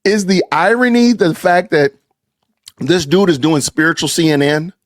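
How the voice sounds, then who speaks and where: A man hosting a podcast, reacting to a sermon clip with sarcastic, animated commentary aimed straight at his listeners. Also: fairly high pitch, normal speed, no room sound, studio quality. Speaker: podcast host.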